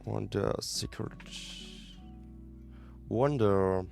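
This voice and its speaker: Reading English lessons aloud during a study live stream, a French man with a French accent halts to repeat words as he practises his pronunciation. He is a native French speaker. His creaky voice sits on the low side and sounds a little mellow, over faint background music.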